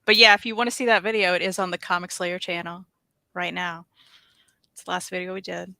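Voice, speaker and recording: A woman co-hosting a casual livestream, teasing her partner playfully and laughing quickly. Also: lowish voice, level tone, gravelly, pushed and bright, no room sound. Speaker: co-host. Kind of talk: casual chat.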